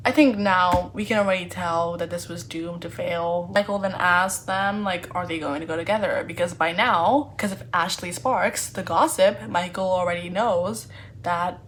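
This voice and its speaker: A woman chatting casually in a book review vlog, animated and playfully sarcastic, with lots of fillers. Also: lowish voice, normal speed, slight background noise.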